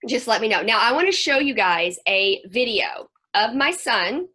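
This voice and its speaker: A woman's voice: on the high side, sing-song, moderate pace, pushed and bright. A middle-aged woman counselor and play therapist speaking to a moms' group over a video call, chatty and folksy, sometimes acting out children's voices.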